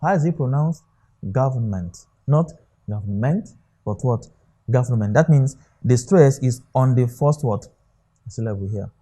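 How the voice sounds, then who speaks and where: An English tutor with a Nigerian English accent teaches an exam-prep lesson, frequently posing rhetorical questions and checking in with "okay?". His voice is medium-pitched and warm, at a moderate pace.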